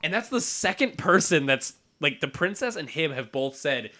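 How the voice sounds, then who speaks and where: A man chatting on a podcast with a lively, swinging delivery and a fairly high voice. He curses a lot and jumps into character voices mid-sentence while retelling scenes. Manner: animated, profane, acts out characters in quick voices. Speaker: podcast co-host. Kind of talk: casual chat recapping a manga.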